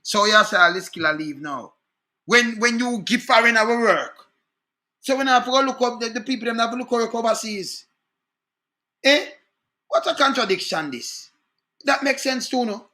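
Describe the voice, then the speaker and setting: A man's voice: very high voice, normal speed, pauses often, pushed and bright. A Jamaican man giving an indignant political rant, often stopping to ask "Eh?". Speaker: online commentator.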